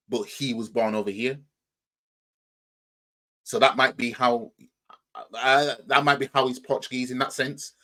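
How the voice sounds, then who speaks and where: A man's voice: medium pitch, fairly bright tone. A man with a Yorkshire accent hosting a football reaction channel, talking in a rambling, argumentative way and firing off rhetorical questions. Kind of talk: casual reaction commentary.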